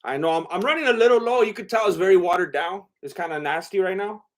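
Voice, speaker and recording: A young man hosting a livestream reads chat and talks loosely and fast, his voice a little high for a man. He rambles and hesitates, trailing off into fillers and restarting sentences.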